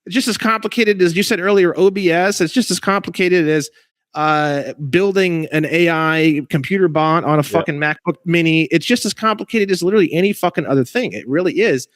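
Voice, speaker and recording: A man's voice: fairly high pitch, brisk, dry recording, studio quality. A man ranting in casual conversation over a video call, emphatic, rambling and profane, as a guest legal researcher.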